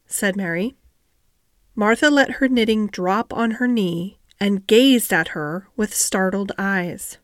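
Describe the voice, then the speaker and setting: A woman hosting and calmly reading a classic novel aloud as a bedtime story. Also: medium pitch, no room sound, studio quality. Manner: calm, measured narration. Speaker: storyteller host.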